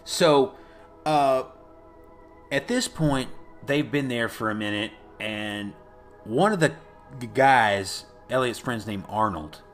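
Animated, profane man recapping a movie. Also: slow, faint music behind. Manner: animated, profane, acts out lines in loud high voices. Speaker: podcast co-host. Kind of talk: casual chat recapping a movie.

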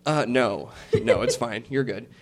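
A man narrating a tabletop game as game master, unhurried and rambling, with many fillers. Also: mid-range voice.

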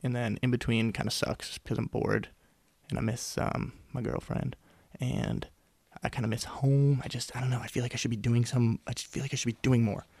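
A man's voice: mid-range voice, steady tone, normal speed, creaky, a little mellow, husky, no echo. A young man hosting a solo podcast in a casual, rambling, self-mocking way, close to the mic. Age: young adult. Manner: rambling, self-mocking, jokey, with sudden whispers and put-on voices. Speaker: podcast host. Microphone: studio mic close up.

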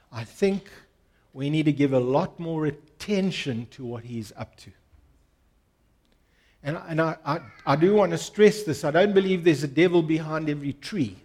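A pastor preaching a sermon to his congregation, earnest and emphatic, repeating key phrases and inviting listeners to respond. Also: fairly high pitch.

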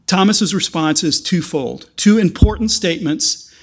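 A man preaching a sermon, earnest and halting, with frequent restarts that build to emphatic stretches. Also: sits high.

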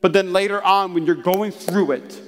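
A man's voice: high voice, normal speed, in a large hall. A male pastor preaching a sermon to his congregation in a church, talking casually and with animation, and acting out little voices as he goes. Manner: animated, conversational preaching with acted asides. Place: church hall.

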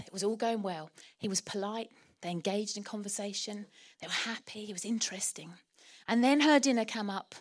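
A woman's voice: fairly high pitch, fairly quick. A middle-aged woman with an Essex accent, preaching a sermon in church in a chatty storytelling way and laughing often.

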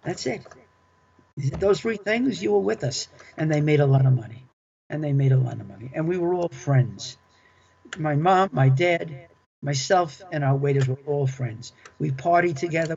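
A slightly high, gravelly voice with a darkish tone comes from an older man being interviewed about his years as a club manager. He speaks at a moderate pace, chatty and enthusiastic, often repeating himself, and the lo-fi recording is dull.

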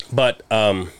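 A man's voice: mid-range voice, vocal fry, no echo. A man co-hosting a casual podcast, rambling through stories, swearing and laughing often. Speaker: podcast co-host. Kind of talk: casual chat.

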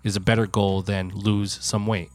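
A man's voice: fairly low pitch, level tone, normal speed, soft background music. A man co-hosting a casual podcast chat, rambling loosely and reading aloud from a book. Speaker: podcast co-host.

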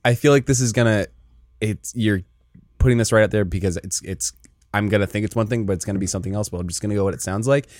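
A man's voice: on the low side, fast, darkish tone, no room sound, clean studio sound. A man guessing word meanings in a casual podcast game, playful and jokey. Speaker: podcast co-host, guessing player.

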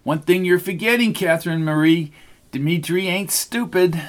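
A man's voice: high-pitched, normal speed, voice pushed up, natural voice. A man voicing a free-spirited young woman with sassy, drawling quips.

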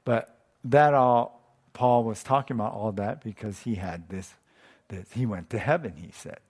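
A pastor giving a casual, conversational sermon, thinking aloud and often chuckling. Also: male voice, lowish voice, moderate pace, darkish tone, husky.

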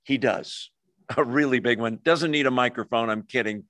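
A man's voice: mid-range voice, normal speed, no echo. A man preaching a sermon and teaching verse by verse, putting questions to his listeners. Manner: expressive preaching, asks the congregation questions. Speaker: pastor.

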